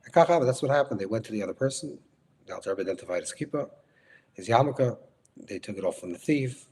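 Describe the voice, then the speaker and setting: A man teaching as a rabbi walks through a story step by step, correcting himself and glossing every Hebrew term in plain English. His voice sits somewhat low, with a faint hiss of noise underneath. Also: lively intonation, a little mellow. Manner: restates phrases, glosses Hebrew and Yiddish terms in English; unhurried, repeats and corrects himself mid-sentence. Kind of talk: storytelling lecture.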